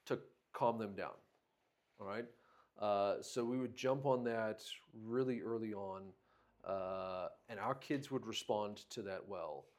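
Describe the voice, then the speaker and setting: A man co-hosting a parenting discussion, talking in a firm, instructive way. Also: on the low side. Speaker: co-host, parent.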